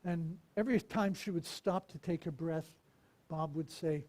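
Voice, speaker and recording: A male minister preaching a sermon in a somewhat high voice. He tells stories in a lively way and drops suddenly into soft, whispered lines. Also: moderate pace. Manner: storytelling, dramatic swings from loud to whispered.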